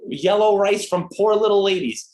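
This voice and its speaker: A man with a high voice, ranting on a podcast. He gives profane, opinionated takes. His voice rings in a roomy, echoey space. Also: normal speed, a little mellow. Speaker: podcast co-host. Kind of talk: casual podcast chat.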